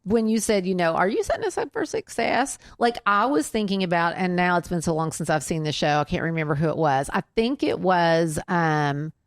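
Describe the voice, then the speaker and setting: A woman hosting a podcast, chatting casually and reacting to her guest with quick, sympathetic interjections. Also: fairly low pitch. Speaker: podcast host.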